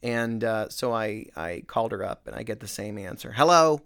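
A middle-aged man, a real estate agent, telling a story in a casual, animated, self-mocking way. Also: on the low side, moderate pace, vocal fry, clean tone. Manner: animated, self-mocking, with many fillers and restarts.

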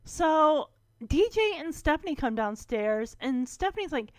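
A woman's voice: high-pitched, big pitch swings, a little slow, dry recording. A woman retelling a sitcom episode in a casual recap, acting out the characters' lines and laughing often. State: choked up. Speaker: show recapper.

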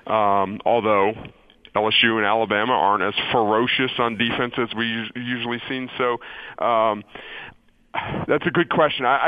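A man analyzing college football as a radio guest, halting and restarting before settling on confident picks. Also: fairly low pitch, dry recording. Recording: dull, dry radio call-in audio.

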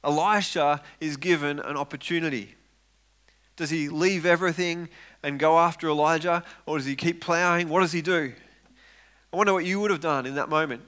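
Bright-voiced animated male preacher. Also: on the high side, normal speed, clear, resonant tone. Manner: animated, acts out quoted voices, repeats words when excited. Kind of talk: sermon.

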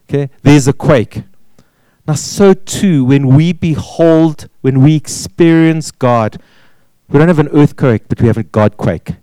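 A man preaches a sermon in a mellow, fairly high voice. He presses each point with repeated words and rhetorical questions. The sound is dry and close, with little room in it. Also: unhurried, clear, resonant tone, no room sound, low-quality recording. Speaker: pastor.

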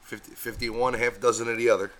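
A man's voice: medium pitch, little pitch movement, quick pace, a bit bright, rough recording. A man co-hosting a podcast, chiming in with laid-back, agreeable replies. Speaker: podcast co-host. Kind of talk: casual podcast chat.

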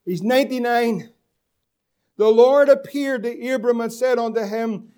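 High-voiced preaching pastor. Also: male voice, steady tone, unhurried, darkish tone, clean tone. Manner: preaching with rhetorical questions and stretched emphasis. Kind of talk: sermon.

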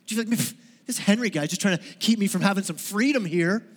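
Male pastor, high voice; conversational sermon with humor and questions to the room; long church-hall reverb. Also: fast, husky. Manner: conversational, joking, asks the audience questions. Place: church sanctuary.

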